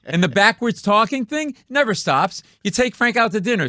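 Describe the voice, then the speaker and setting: A middle-aged comedian, visiting a radio studio, delivers animated stories full of acted-out quoted voices, punchy and fast. His voice sits high and is bright, forceful and very animated, with no echo.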